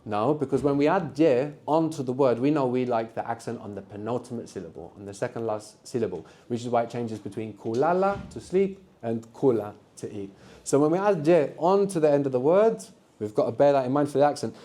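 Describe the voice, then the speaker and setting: Mellow-voiced man teaching a language class. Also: mid-range voice, lively intonation, a little fast. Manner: patient, encouraging, explains step by step. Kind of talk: live classroom workshop teaching. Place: university classroom.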